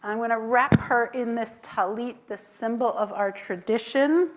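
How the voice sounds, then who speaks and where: Woman, rabbi, unhurried, slightly high voice, tender, chanted blessings, synagogue service. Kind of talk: leading a worship service. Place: synagogue sanctuary.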